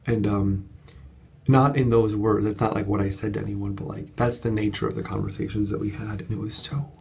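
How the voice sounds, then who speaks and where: A man talking in an unedited casual vlog at home at night, chatty and animated, telling a story with lots of fillers. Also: fairly low pitch, fairly quick, vocal fry. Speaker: vlogger and course coach. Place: home studio apartment at night.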